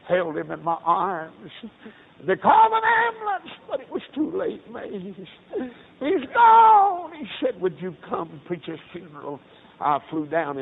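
A man's voice: medium pitch, creaky. A man preaching, telling a story in a folksy way that rises to impassioned cries. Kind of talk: sermon illustration storytelling. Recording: tinny lo-fi line with faint hiss.

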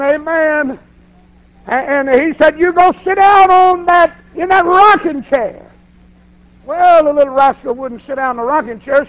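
An older man, a pastor telling a folksy story in a sermon and rising to shouts. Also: extremely high pitch. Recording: dull lo-fi sermon recording.

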